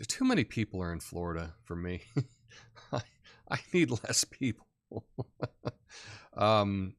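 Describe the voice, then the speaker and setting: A man's voice: lowish voice, dry recording, clean studio sound. Laid-back middle-aged man hosting a live stream. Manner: relaxed, chatty, laughs often, many fillers. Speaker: live show host. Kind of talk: casual live-stream chat reading comments.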